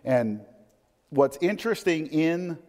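A man preaching a sermon with a slightly higher voice, his teaching conversational. He lifts and strengthens his voice for scripture readings and drops low for quick asides. A long reverb trails behind him in the hall. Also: expressive, darkish tone. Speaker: pastor.

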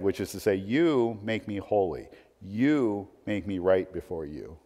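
A man preaching a sermon, swinging between emphatic points and hushed, conversational asides. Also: low-pitched, lively intonation, a little slow. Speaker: pastor. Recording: long hall reverb.

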